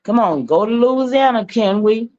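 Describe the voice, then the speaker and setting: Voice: mid-range voice, lively intonation, normal speed, a little mellow, highs cut off. A panelist in a history discussion, explaining in a conversational way.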